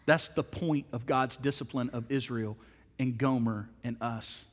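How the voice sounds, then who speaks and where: A middle-aged man preaching a sermon as pastor, telling a story with swings from hushed words to loud, emphatic ones. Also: mid-range voice, fairly even intonation, a little slow, long reverb tail.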